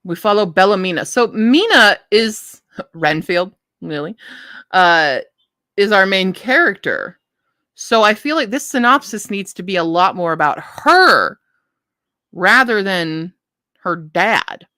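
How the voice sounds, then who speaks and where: A woman's voice: mid-range voice, expressive, takes it slowly, bright, forceful tone, no room sound, studio quality. A woman hosting a live book stream, chatting casually and thinking aloud as she reads blurbs, often restarting her sentences. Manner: self-interrupting, frequent restarts.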